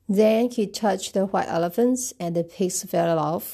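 Woman, storybook read-aloud, mellow, fry in the voice. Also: mid-range voice, a little slow, few pauses. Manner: gentle, expressive, retells each page. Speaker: storybook reader. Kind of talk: bilingual picture book read-aloud.

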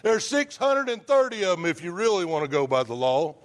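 A man's voice: high-pitched, very animated, brisk. A man preaching a sermon in a conversational way, asking the congregation rhetorical questions.

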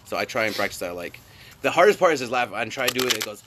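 A man co-hosts a loose, profane chat among friends, laughing through much of what he says. His pitch swings widely from line to line. A steady hiss of noise sits under the recording. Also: very fast. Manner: laughs often, swears freely, tries voice impressions.

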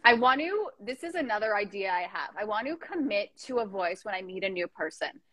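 A woman's voice: medium pitch, expressive, a little fast, fairly bright tone, no echo. A young woman from Canada hosting a casual chat, playful and riffing on silly ideas. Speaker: podcast host.

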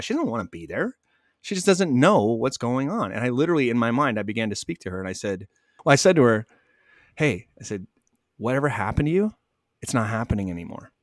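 A man calmly telling stories in an interview, acting out both sides of each conversation. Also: mid-range voice, dry recording, clean studio sound. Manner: animated, acts out both sides of dialogue. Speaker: guest, spiritual medium. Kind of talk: conversational storytelling.

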